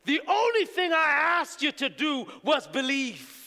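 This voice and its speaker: A male preacher voicing God as a calm, patient deity in a sermon story. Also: very high-pitched, a little slow, exaggerated voice. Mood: patient, relieved. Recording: echoey hall reverb.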